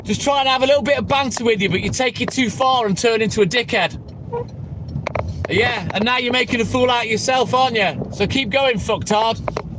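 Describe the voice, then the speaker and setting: A man's voice: extremely high pitch, a little fast, noisy background. A man in his late thirties, live streaming, greeting viewers and bluntly swearing at a heckler. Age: 30s. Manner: blunt, heavy swearing, trash-talks viewers. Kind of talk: casual live stream chat.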